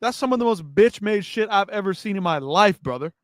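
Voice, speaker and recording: A man's voice: high voice, animated, fairly quick, dry recording, studio quality. A man hosting a live fight-news stream, ranting and swearing in heated commentary. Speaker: MMA news show host.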